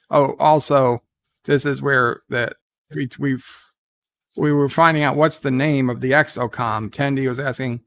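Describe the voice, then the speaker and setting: A man's voice: medium pitch, fairly even intonation, moderate pace, fairly bright tone. A man giving a casual, rambling recap of a TV episode, full of fillers and restarts. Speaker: show reviewer.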